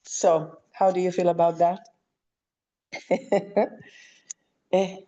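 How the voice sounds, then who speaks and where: Slow, mellow-voiced woman chanting commands. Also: lowish voice, little pitch movement, highs cut off. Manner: commanding incantations, soft coaxing asides. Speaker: spiritual healer leading a session. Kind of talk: live spiritual clearing session.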